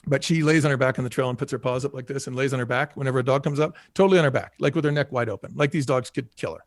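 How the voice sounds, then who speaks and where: Fast-talking man in animated interview. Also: mid-range voice, dry recording, clean studio sound. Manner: animated, acts out quotes, frequent "you know" fillers. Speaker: podcast guest, former restaurant chain CEO. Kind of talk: casual conversational interview.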